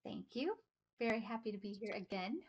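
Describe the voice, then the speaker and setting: A woman from the United States co-hosting a podcast, telling PR stories in lively casual chat and laughing easily. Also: a little high, a little fast, husky. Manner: animated storyteller, laughs easily. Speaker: podcast co-host, PR professional.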